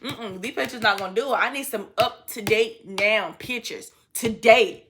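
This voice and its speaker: A young woman telling a story to her viewers in an animated, slangy way. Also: on the high side, normal speed, a little hiss or hum. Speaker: vlogger. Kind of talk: storytime vlog.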